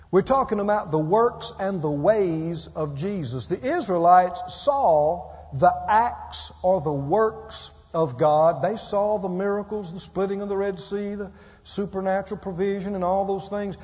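A man's voice: high voice, a little slow, a little mellow. A man preaching a sermon, emphatic and calling out for amens from his listeners. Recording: muffled roomy hall.

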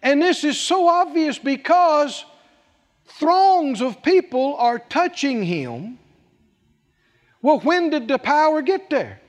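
A man's voice: very high-pitched, very animated, takes it slowly. A man preaching a sermon, emphatic and full of rhetorical questions, repeating scripture phrases for weight. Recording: long hall reverb.

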